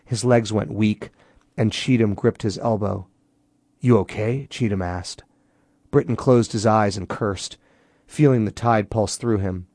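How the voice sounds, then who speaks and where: A man's voice: fairly low pitch, a little slow, darkish tone, no room sound, studio quality. A man, the author, giving a dramatic reading of his own novel and voicing the characters' dialogue with rising intensity.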